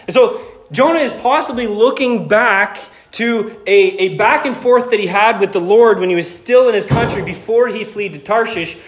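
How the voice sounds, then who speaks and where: A man preaching a sermon in an animated, conversational way, joking with the congregation. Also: high-pitched, moderate pace. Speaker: pastor.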